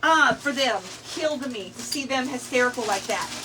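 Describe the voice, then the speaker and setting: A woman's voice: high voice, animated, moderate pace, noisy background. A middle-aged woman chatting casually on a craft livestream, greeting viewers by name in a folksy way.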